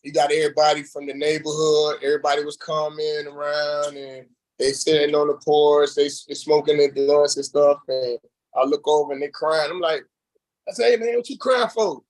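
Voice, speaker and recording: A man's voice: fairly high pitch, normal speed, low-quality recording. A man, a reality show contestant, telling his story in a loose, rambling casual interview, acting out the voices of people he quotes. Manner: animated, acts out quoted voices; loose and rambling with many fillers.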